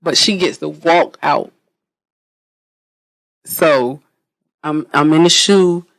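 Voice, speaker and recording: Gravelly-voiced woman telling a blunt story. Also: sits low, slow pace, dry recording. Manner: animated, blunt, profane storyteller; repeats herself and restarts mid-sentence. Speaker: interview guest. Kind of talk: casual podcast storytelling.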